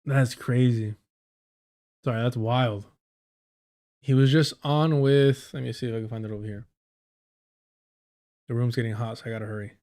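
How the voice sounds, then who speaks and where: A man's voice: mid-range voice, steady tone, moderate pace, pauses often, warm tone. A man reacting to clips on a live stream in a sarcastic, profane, ranting way, from an indoor room. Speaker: political streamer.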